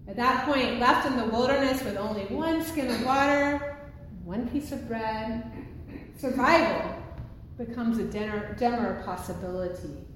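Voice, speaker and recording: Slow-preaching woman in an echoing church. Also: a little high, fairly bright tone, a little hiss or hum. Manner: slow, earnest, emphatic preaching. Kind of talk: sermon. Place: church sanctuary. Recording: echoey hall, heard from a distance.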